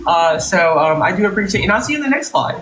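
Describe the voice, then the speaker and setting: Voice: medium pitch, very animated, rapid-fire, a bit bright, low-quality recording. A host on a live stream, boastful, thanking viewers for gifts by name. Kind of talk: casual live stream chat.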